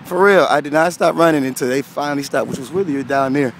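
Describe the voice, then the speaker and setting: A middle-aged man telling stories in a casual vlog while walking his old high school track, animated and slangy, laughing often. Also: fast talker. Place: outdoors at a school track and field. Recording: faint outdoor background noise.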